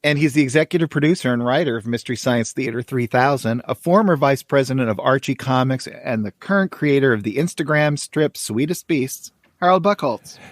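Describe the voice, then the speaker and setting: A man's voice: mid-range voice, a little fast, hardly any pauses, dry recording. A man hosting a podcast who welcomes listeners and reads comic strips aloud panel by panel in a friendly, casual way. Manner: friendly, welcoming, talks through each panel. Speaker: podcast host.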